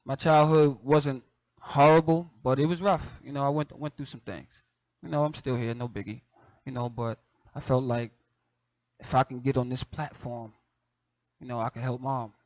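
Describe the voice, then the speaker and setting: Relaxed Southern man musing in a dry room. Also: mid-range voice, normal speed, dry recording. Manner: relaxed, conversational, peppered with "you know", soft laughs. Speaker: host. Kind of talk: casual reflective monologue.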